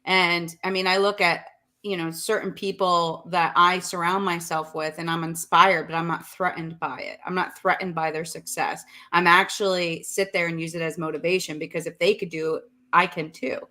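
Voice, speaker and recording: A woman's voice: fairly low pitch, little pitch movement, moderate pace, pushed and bright. A woman guest giving an earnest, reflective motivational talk about self-doubt. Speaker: guest, coach.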